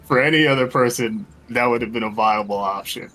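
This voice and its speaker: A man's voice: medium pitch, brisk, pushed and bright, soft background music. A man playing a tabletop game, partly in character, polite and laughing often. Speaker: player.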